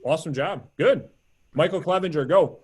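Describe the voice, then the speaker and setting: A man's voice: fairly high pitch, darkish tone, slight background noise. Upbeat male coach on a video call. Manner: upbeat, quick praise and cues. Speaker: sales coach. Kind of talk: live group coaching call.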